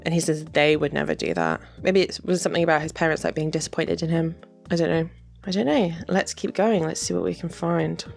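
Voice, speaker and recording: A woman's voice: low-pitched, expressive, brisk, creaky, soft background music. A woman giving chatty commentary on game dialogue, laughing often and adding wry asides. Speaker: video creator.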